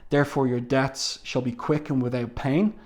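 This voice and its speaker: A man's voice: mid-range voice, steady tone, normal speed, natural voice. Grandiose male villain, stately and cold, read by a man. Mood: grand menacing.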